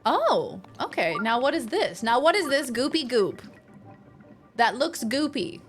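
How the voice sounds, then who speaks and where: Playful, higher-voiced woman streamer. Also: big pitch swings, measured pace, soft background music. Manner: playful, jokey, chatting to viewers. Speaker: game streamer. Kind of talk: casual live-stream chat.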